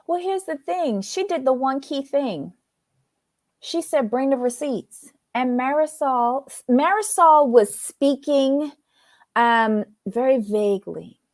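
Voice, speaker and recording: A woman's voice: sits high, lively intonation, takes it slowly, dry recording, studio quality. A woman co-hosting a TV recap show, giving sarcastic commentary in casual chat. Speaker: podcast co-host.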